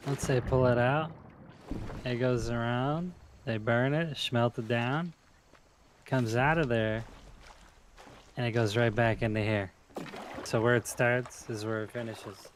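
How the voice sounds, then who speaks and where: A man chatting casually on a game stream, easygoing as he tells stories and explains his setup to his viewers. His voice sits at an ordinary mid pitch. A faint hiss runs behind him. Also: steady tone, slow pace, long pauses. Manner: laid-back storytelling, chatting to viewers. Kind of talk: casual gaming stream chat.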